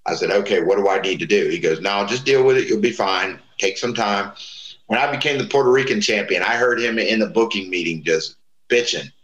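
A man's voice: on the low side, a little fast, a bit bright, roomy sound, lo-fi sound. A man casually telling profane wrestling stories, acting out the voices of people he quotes. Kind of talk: casual storytelling chat.

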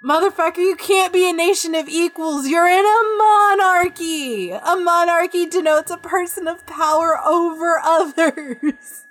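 Speaking a little slowly in a very high voice, this podcast co-host launches into an animated rant about a movie. The chat is casual, and she swears freely throughout.

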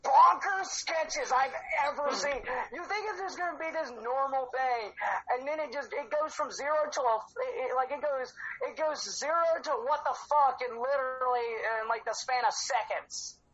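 A man's voice: very high voice, moderate pace, fairly bright tone, dull audio. A man hosting a casual fan podcast, rambling, swearing and slipping into silly voices. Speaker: podcast host.

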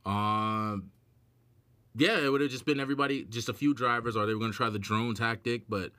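Animated, bright-voiced podcast host. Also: male voice, mid-range voice, a little fast, dry recording. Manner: animated, laughs often, acts out quoted voices. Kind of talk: casual podcast chat.

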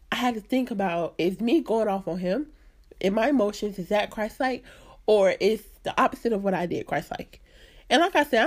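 A woman hosting a faith podcast, talking through a personal story in an earnest, conversational way and laughing at herself now and then. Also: medium pitch. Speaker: podcast host. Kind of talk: faith-based personal reflection.

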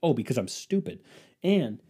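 A man's voice: mid-range voice, big pitch swings, normal speed, warm tone, breathy edge. A man hosting his own podcast, delivering a profane, sarcastic, rambling comedic rant. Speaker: podcast host. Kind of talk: casual comedic monologue.

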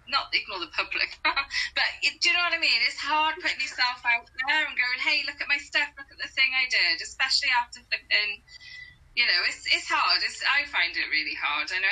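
A woman's voice: a little high, pushed and bright, rough recording. A woman co-hosting a comedy chat show, talking in a chatty, rambling way and laughing easily. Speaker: co-host, comedian. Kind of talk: casual chat.

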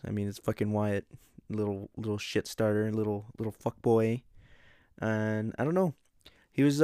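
A man's voice: lowish voice, mellow, smooth, no echo, clean studio sound. A man hosting a casual pop-culture chat, rambling and swearing freely. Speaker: host.

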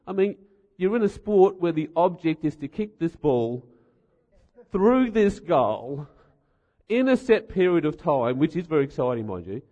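A man's voice: a little high, big pitch swings, moderate pace, dark tone. A middle-aged man giving a humorous sermon, telling stories with wry rhetorical asides. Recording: dull sound in a reverberant hall.

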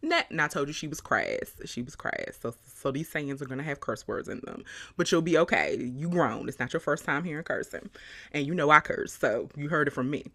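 Lively low-voiced woman podcaster. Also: brisk. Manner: animated, chatty storytelling with frequent laughter. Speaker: podcast host. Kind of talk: casual podcast monologue.

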